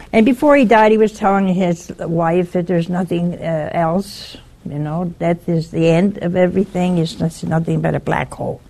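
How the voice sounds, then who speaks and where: A woman speaks slowly in a low, gravelly voice with a husky edge. She delivers an informal religious talk on a broadcast network. She is earnest and warning, and she walks through a story one step at a time. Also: a little mellow.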